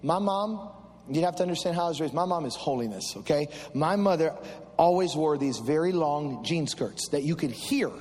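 A male pastor preaching a sermon, telling a story that builds into fervent shouted refrains. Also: a little high, lively intonation, normal speed, in a large hall. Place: large church.

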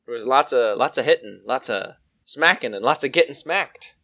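A man's voice: mid-range voice, animated, normal speed, bright, forceful tone. A man acting as game master, tired and joking as he narrates the game casually.

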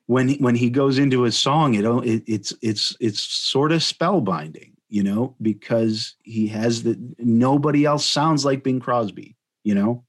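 A man's voice: mid-range voice, unhurried, hardly any pauses. A man from Chicago hosting a casual podcast chat, rambling with many restarts. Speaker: podcast host.

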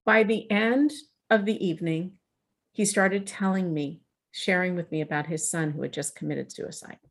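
A middle-aged woman telling a personal story in a conversational interview, lively and acting out the dialogue she quotes. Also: fairly low pitch, moderate pace. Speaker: guest.

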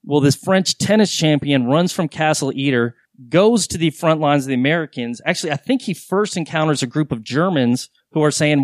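A man's voice: on the high side, a little fast, hardly any pauses, no room sound. Rambling candid man, dry sound. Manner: rambling, candid storyteller with swearing. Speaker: podcast host. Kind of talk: casual podcast chat.

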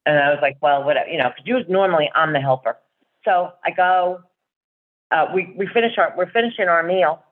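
A woman's voice: on the low side, a little fast. A middle-aged woman in casual chat, telling a rambling fan story and acting out the voices of the people in it. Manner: chatty storyteller, acts out quoted voices. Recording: tinny phone line.

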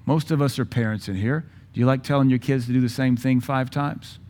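A man in his forties preaches a sermon with passion in a mid-range, steady, darkish voice. He uses dramatic pauses and acts out the voices of figures from the Bible.

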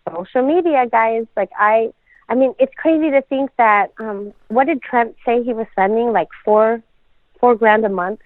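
A woman's voice: medium pitch, no room sound. Chatty woman podcaster on a tinny line. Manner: chatty, laughs often, many fillers. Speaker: podcast co-host, dental practice owner. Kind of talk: casual podcast chat. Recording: tinny phone-like sound.

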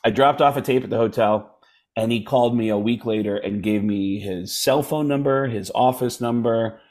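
A man's voice: mid-range voice, normal speed. A stand-up comedian telling a story in casual chat, jumping into voices as he goes. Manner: animated storyteller who slips into voices. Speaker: comedian guest.

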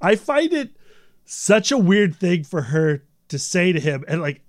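A man guest on a podcast, chatting casually and wondering aloud in quick, animated bursts. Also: sits high. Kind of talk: casual conversation.

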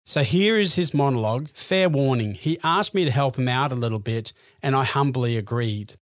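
A man hosting a podcast, reading a scripted narration in an earnest, measured way. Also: medium pitch, dry recording, clean studio sound. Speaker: podcast host.

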